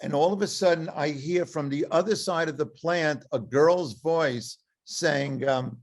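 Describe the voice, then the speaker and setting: Man, 70s, author, comic storyteller, animated, self-deprecating, somewhat high voice. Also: a little slow, hardly any pauses. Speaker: author speaking to an audience.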